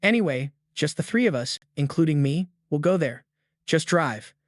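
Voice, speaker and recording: A man voicing a bossy male gang leader scolding and shouting over a radio. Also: a little high, expressive, moderate pace, no echo, clean studio sound, lightly acted.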